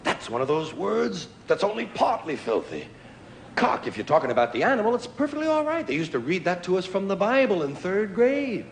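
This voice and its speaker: A man doing a stand-up comedy routine before a live audience, with a wry, drawn-out delivery and sudden loud outbursts. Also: high-pitched, very animated, slight background noise. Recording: live club recording with crowd laughter. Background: audience laughter.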